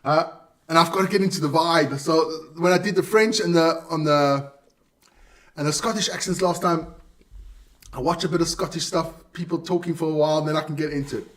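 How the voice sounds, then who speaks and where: A man's voice: a little high, a little fast, far from the mic. A man hosting a live stream alone, chatting casually and stumbling over hard player names.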